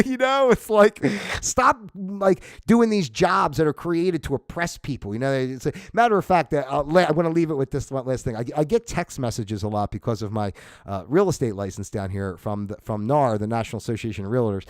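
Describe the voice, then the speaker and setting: A man's voice: mid-range voice, lively intonation, fairly quick, no room sound, clean studio sound. A man from New Jersey hosting a casual livestream, ranting in a loose, profane way and laughing at his own jokes. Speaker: livestream host.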